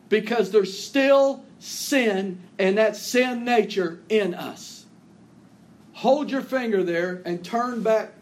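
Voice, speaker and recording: A male pastor delivering a sermon in a notably high voice for a man, taking each phrase slowly and deliberately. He reads scripture aloud with rising emphasis, and his lines sink low and quiet at their ends. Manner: earnest preaching, drawn-out phrases that drop low and soft at the ends.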